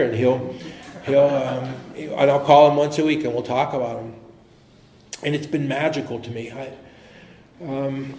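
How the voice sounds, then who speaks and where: Brief: American man, mid-range pitch, earnest and halting, recovery talk in a roomy hall with faint hiss. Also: warm tone. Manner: earnest, halting, with frequent restarts. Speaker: AA speaker. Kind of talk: personal recovery story. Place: meeting hall. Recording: echoey room with faint noise.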